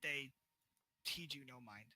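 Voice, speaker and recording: A man's voice: mid-range voice, measured pace, pushed and bright, no echo, poor audio. A man narrating as game master of a tabletop game, casual and loose.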